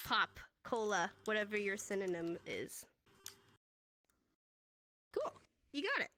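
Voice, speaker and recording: A woman's voice: mid-range voice, sing-song, takes it slowly, long pauses, bright, forceful tone. A woman teaching a casual sign language class in a virtual classroom, upbeat and chatty, laughing often as she walks learners through hand motions.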